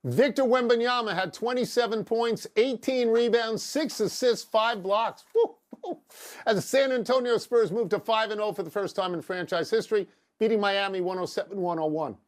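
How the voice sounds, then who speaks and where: A man's voice: high voice, moderate pace, hardly any pauses. A man co-hosting a sports debate show, teasing his partner with wry, dry sarcasm. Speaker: sports talk show co-host.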